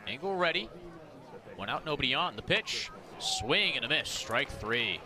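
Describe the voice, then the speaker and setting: A man calling live baseball play-by-play, rattling off pitches and counts, rising to shouts on big plays. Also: very animated, moderate pace. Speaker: play-by-play announcer. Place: outdoor ballpark broadcast booth. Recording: outdoor ballpark crowd behind. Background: ballpark crowd.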